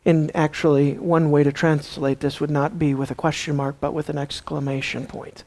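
A man's voice: a little high, flat delivery, moderate pace, hardly any pauses, darkish tone. A man pastor preaching a sermon, dramatic, asking the congregation rhetorical questions and acting out the people in the story.

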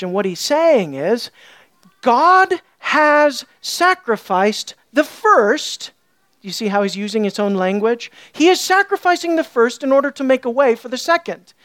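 A woman's voice: dry recording, studio quality. A woman preaching a sermon, emphatic and questioning her listeners, her voice rising when she stresses a point. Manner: emphatic, asks the audience questions; rises loud and high when stressing points.

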